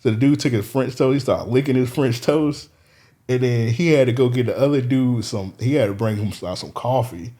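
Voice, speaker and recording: A man's voice: medium pitch, normal speed, mellow. A man on a casual podcast, telling a long story, swearing freely and laughing as he goes. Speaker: podcast co-host. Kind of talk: casual chat.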